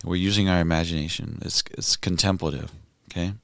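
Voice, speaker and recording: A man's voice: low voice, steady tone, fairly quick, vocal fry, fairly bright tone, clean tone, no room sound, clean studio sound. A man hosting a podcast, reflecting on a scripture reading in a musing, conversational way. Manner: musing, conversational, thinks aloud with restarts. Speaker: podcast host.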